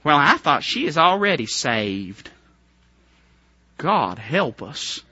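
A man preaches a fervent revival sermon, his high voice leaping up and down as he moves from hushed pleading to near shouts. His tone is bright and forceful, and the recording is dry and a little dull. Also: big pitch swings, takes it slowly, breathy edge, dry recording. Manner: fervent, swings from hushed to shouting, rhetorical questions.

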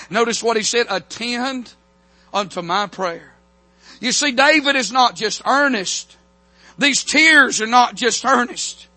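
A man with a strikingly high, bright and forceful voice preaches a revival sermon from the pulpit. He is fervent, drops frequent amens and stretches out his scripture quotes. The sound is close and dry. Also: no echo. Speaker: pastor. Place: church pulpit.

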